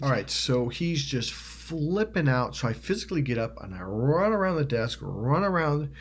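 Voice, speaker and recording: A man telling a personal story in a rambling monologue, restarting often, swearing casually and acting out what others said. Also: medium pitch. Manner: acts out quoted voices loudly. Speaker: motivational video host.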